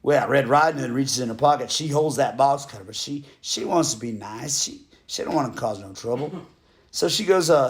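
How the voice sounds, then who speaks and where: A male storyteller spinning a fairy tale into a loose, comic yarn. He wanders off into digressions and tosses in jokes, in a voice of ordinary middle pitch. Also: normal speed. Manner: rambling, digressive, joking asides.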